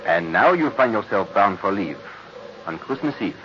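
An actor playing a gracious French artillery captain with a French accent in a 1940s radio drama, formal and philosophical. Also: male voice, on the low side, big pitch swings, moderate pace, a little hiss or hum. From France. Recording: dull lo-fi old radio recording.

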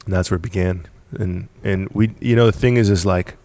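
A man's voice: sits low, steady tone, a little fast, mellow, slight background noise. A man from the United States, a podcast guest, telling his story bluntly and casually, swearing now and then and laughing between points. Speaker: podcast guest, apparel company founder.

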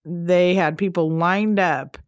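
A woman co-hosting a podcast in casual chat, blunt and quick to swear. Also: lowish voice, fairly even intonation, clear, resonant tone, dry recording, clean studio sound. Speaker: podcast co-host.

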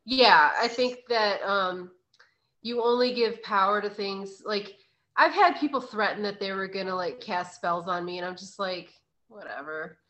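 A woman's voice: medium pitch, moderate pace, fairly bright tone. A young woman hosting a podcast, chatting casually, laughing often and swearing now and then. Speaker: podcast host. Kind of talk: casual chat.

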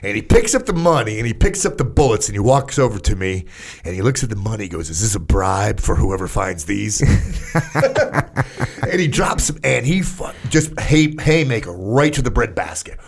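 With a medium pitch and moderate pace, the older army veteran tells stories in a casual interview. His talk is profane, energetic, and heavy on filler words.

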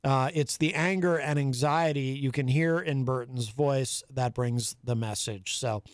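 A man's voice: mid-range voice, measured pace, dry recording. A man hosting a live talk radio show, teasing his co-host and laughing easily. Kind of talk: casual talk radio banter. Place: radio studio.

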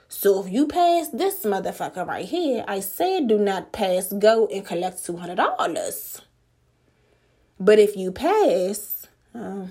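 A woman hosts a podcast and talks straight at the listener, blunt and full of swearing. She takes her time and leans hard on the words she wants to land. Her pitch sits in an ordinary middle range. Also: very animated, takes it slowly, a little mellow, slightly rough. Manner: blunt, profane and emphatic, drawing out key words. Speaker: podcast host. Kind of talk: motivational monologue.

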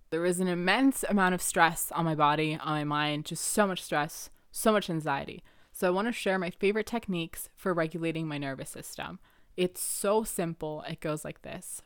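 A young woman hosts her own podcast in a lowish voice at a normal speed, rambling through an earnest, personal reflective monologue. She laughs now and then and leans on plenty of fillers, and the studio recording is clean with no echo.

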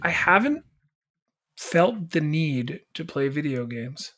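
A man's voice: fairly high pitch, big pitch swings, takes it slowly, a bit bright. Easygoing jokey male podcast co-host. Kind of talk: casual chat.

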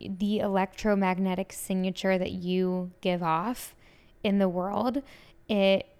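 A woman in her twenties talks casually to her podcast listeners, eager and effusive. Her voice is smooth and clean, sitting at an everyday middle pitch. She strings thoughts together with plenty of "like" and "um". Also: steady tone, slow, a little mellow. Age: 20s. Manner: gushing, enthusiastic, many "like" fillers. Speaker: podcast host. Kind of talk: casual solo podcast chat.

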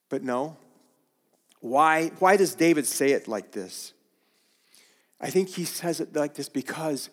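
A man preaching a sermon, slow and deliberate, often restarting his phrases. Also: on the high side, expressive, long reverb tail.

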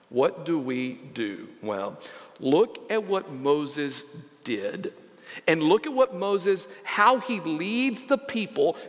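A man's voice: fairly high pitch, a bit bright, big-room sound. A man preaching a sermon as pastor, emphatic and repeating key phrases, reading scripture aloud.

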